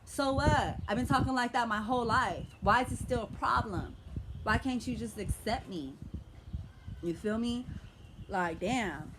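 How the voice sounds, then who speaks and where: Over a noisy background, a young female vlogger with an American urban vernacular accent rants emotionally, passionate, aggressive and full of profanity. She speaks unhurriedly in a slightly high voice.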